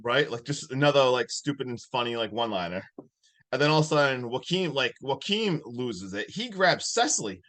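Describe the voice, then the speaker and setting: Animated man recapping a movie. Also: medium pitch, brisk. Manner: animated storytelling, laughing often. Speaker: podcast co-host.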